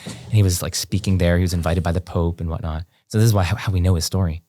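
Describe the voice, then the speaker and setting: A man with a very low voice recounts a story as a podcast guest, speaking casually and animatedly. He peppers his talk with "like" and "um." The sound is dry and close, with no room echo. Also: fast talker. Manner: animated, heavy on fillers like "like" and "um".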